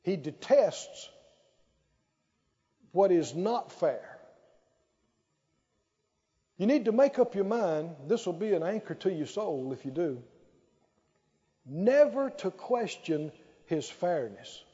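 Emphatic preacher in a reverberant hall. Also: male voice, sits high, very animated, dark tone. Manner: emphatic, drawn-out phrases with call-and-response. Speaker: pastor. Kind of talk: sermon. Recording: dull, lo-fi sound with long hall reverb.

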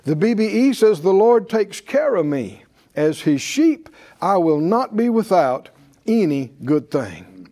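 This sermon comes from a man whose high, very animated voice moves at a measured pace with a warm tone. He reads verses emphatically and guides the congregation in repeated call-and-response.

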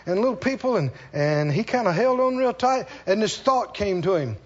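High-voiced, lively male preacher. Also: moderate pace, lo-fi sound. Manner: folksy, animated preaching with acted-out dialogues. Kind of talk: sermon.

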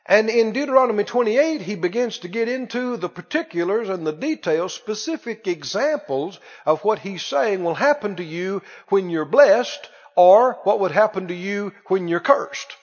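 A man delivers a sermon with a high voice, hammering the same words over and over and prompting the congregation to answer back. The recording is muffled and carries long church reverb. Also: expressive, normal speed, hardly any pauses. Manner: emphatic, repetitive preaching, calls for audience response. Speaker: pastor. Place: church hall.

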